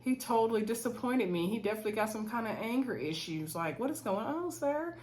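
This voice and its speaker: A woman casually reviewing a reality TV episode from home, chatty and quick to laugh, talking straight to her viewers as y'all. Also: fairly high pitch, animated, a little mellow. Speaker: reality TV recap host.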